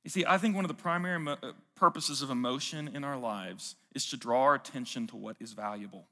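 A man's voice: mid-range voice, fast talker, bright, forceful tone, big-room sound. A man preaching a sermon in an earnest, conversational way, asking the congregation questions. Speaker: pastor.

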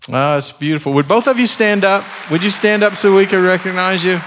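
A man's voice: high voice, a little fast, crowd noise, background noise. A man working as a pastor, bantering with his congregation during a service. His voice rings through a large sanctuary with a long, lingering reverb. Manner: warm joking banter with congregation. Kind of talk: church service, leading testimonies. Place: church sanctuary.

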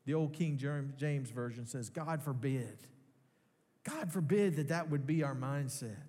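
A man preaching a sermon as pastor, earnest and building to emphatic peaks with slow pauses. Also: fairly high pitch, mellow. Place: large church hall. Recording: long reverb of a hall.

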